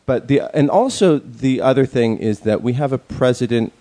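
A man's voice: mid-range voice, moderate pace, warm tone. A man in a casual chat, rambling with many fillers and restarts and speaking bluntly, with some profanity.

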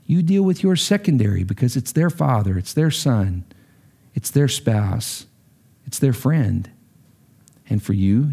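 A man's voice: mid-range voice, mellow. A middle-aged man preaching a sermon as a pastor, earnest and emphatic, his delivery rising sharply when stirred.

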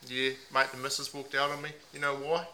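A man putting on a rough, down-on-his-luck bloke character with a broad put-on Australian accent, talking mock-earnestly and ending nearly every sentence with "mate". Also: medium pitch, level tone, brisk, sharp tone, a little hiss or hum, low-quality recording. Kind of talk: improvised comedy character.

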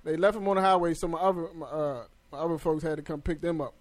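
A man's voice: a little high, quick pace. A young man, a podcast co-host, telling a story in casual, profane chat and acting out the other people in it. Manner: animated, profane, acts out other voices.

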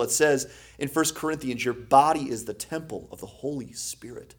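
Male pastor, husky tone, preaching with swings from soft asides to loud emphasis. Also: medium pitch, normal speed, hardly any pauses. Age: adult parent. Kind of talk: sermon.

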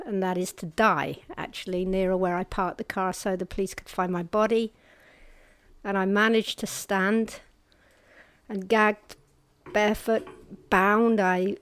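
A woman telling her own survival story in a halting, earnest way, shifting between brisk and slow, quiet passages and dropping to a hush at the hardest moments. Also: medium pitch, clean tone, no room sound. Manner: halting and earnest, with restarts and hushed pauses at hard moments. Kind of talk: personal testimony told to an audience.

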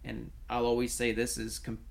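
Gravelly-voiced man telling stories in a casual chat. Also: medium pitch, moderate pace. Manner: animated storytelling with many restarts and fillers. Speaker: podcast co-host, coach.

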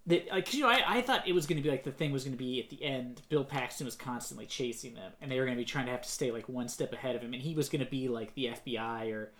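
A man's voice: mid-range voice, very fast, hardly any pauses, a bit bright. A man co-hosting a casual movie review podcast, rambling with lots of fillers and mocking put-on quotes. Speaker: podcast co-host.

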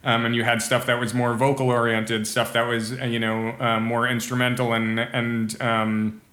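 Man in a roomy, echoey room, flat delivery. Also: mid-range voice, moderate pace. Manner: thoughtful, searching for words. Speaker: guest musician. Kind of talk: casual podcast conversation.

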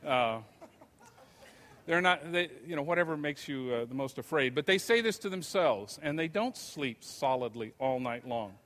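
A man's voice: a little high, expressive, a bit bright. Older man lecturing in a reverberant hall. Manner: conversational, unhurried storytelling. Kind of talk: anecdotal lecture.

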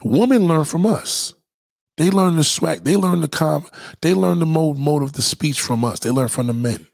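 A man's voice: fairly high pitch, moderate pace, vocal fry, no room sound. A middle-aged man from New York with a New York accent, talking casually in heavy slang, profane and repetitive. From New York City. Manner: profane, animated, heavy slang, repeats himself. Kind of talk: casual street-talk monologue.

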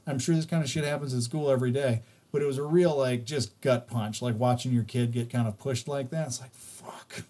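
A man's voice: medium pitch, fairly even intonation, a little fast, hardly any pauses, mellow. A man co-hosting a podcast, telling a parenting story in casual chat. He is candid and swears freely, acting out the voices of the people in it. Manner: candid and profane, acting out the voices in his stories.

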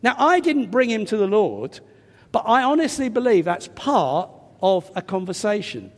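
An older English man preaches in a high, lively voice that climbs and dips a lot as he tells a chatty, self-deprecating story. His nose sounds a little stuffy. The sound carries a long reverb from a large hall. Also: moderate pace. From England. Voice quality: slightly stuffy nose from a cold. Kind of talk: sermon with personal anecdote.

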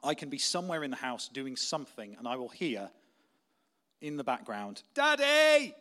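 Young male pastor, mid-pitched, chatty sermon delivery that sinks quiet and intense on key lines. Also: expressive, normal speed. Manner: conversational, anecdotal preaching, softening to quiet intensity.

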